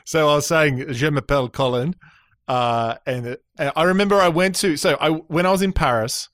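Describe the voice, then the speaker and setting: A man's voice: a little high, moderate pace, no room sound, studio quality. Laughing Australian storyteller man. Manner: animated storyteller, acts out voices, laughs often. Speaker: podcast guest. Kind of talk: casual interview chat.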